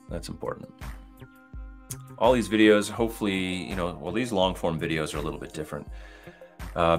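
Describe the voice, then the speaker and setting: A middle-aged man hosting a casual live-stream Q&A as a kitchen designer, rambling in a relaxed way with lots of fillers and restarts. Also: deep voice.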